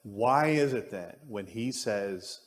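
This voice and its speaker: In a church classroom, a man teaches an adult Bible class, thinking out loud and often restarting his points. His voice is fairly low, expressive and slow, with a little hiss or hum, and the room adds a long church reverb.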